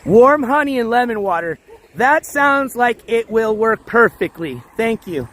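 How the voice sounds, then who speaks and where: A man hosting a casual walking livestream outdoors, reading the chat aloud, shouting thanks for donations, and losing his voice. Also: extremely high pitch, big pitch swings, a little slow. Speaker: livestream host. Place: outdoors on city streets, walking dogs. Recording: faint street noise outdoors.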